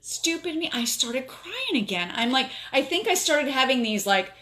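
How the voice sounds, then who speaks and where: With a high, sing-song voice that is bright and forceful, a South Florida woman livestreams from her phone at home at a moderate pace. She tells a story in casual chat, full of fillers and emotion.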